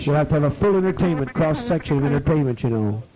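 A man leading a gathering, who rambles, swears freely and gives orders, sometimes slowing into a drawn-out, soothing tone. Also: a little high, animated, warm tone, low-quality recording. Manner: profane, commanding, rambling; slows to a drawn-out, soothing tone at times. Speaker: community leader addressing members.

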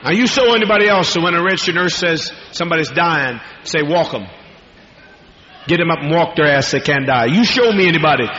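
A man's voice: fairly high pitch, lively intonation, fast, hardly any pauses, bright, forceful tone. A man preaching a fiery, profane, rambling sermon to a congregation in a large hall. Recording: echoey hall, dull lo-fi archival tape.

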